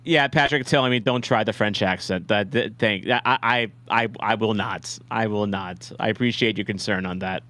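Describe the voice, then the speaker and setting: This livestream watch-along host from St. Louis speaks at a normal speed in a lowish voice that sounds pushed and bright, barely pausing. He rambles casually with his viewers, pokes fun at himself, and keeps starting his sentences over.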